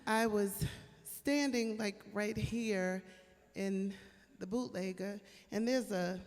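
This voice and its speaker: A woman's voice: a little high, darkish tone. A woman singer telling a chatty story from a club stage into a handheld microphone, laughing as she goes. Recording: live room with long reverb and music behind. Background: live band music.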